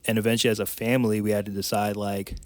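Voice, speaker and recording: A man's voice: lowish voice, flat delivery, fast, darkish tone, no echo. Man, podcast guest, frank heartfelt storyteller, dry close sound. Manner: candid and emotional, tumbling phrases with restarts. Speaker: podcast guest, life coach. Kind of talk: personal storytelling in conversation.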